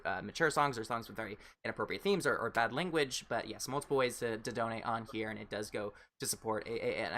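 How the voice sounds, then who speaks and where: Bright-voiced chatty male streamer. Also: mid-range voice. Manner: chatty, greets viewers and reads chat while playing a game. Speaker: livestream host. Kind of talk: live-stream chat with viewers.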